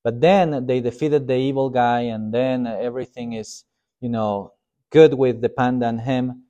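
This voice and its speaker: A man's voice: mid-range voice, steady tone, a little slow, dark tone. A man, a pastor, giving a casual Sunday school sermon in a conversational, self-deprecating way. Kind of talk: informal sermon.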